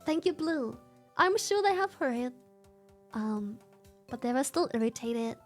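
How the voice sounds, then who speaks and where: High-voiced woman telling animated stories. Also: measured pace, soft background music. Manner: animated, profane storytelling with frequent laughs. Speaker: streamer. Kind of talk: casual livestream chat.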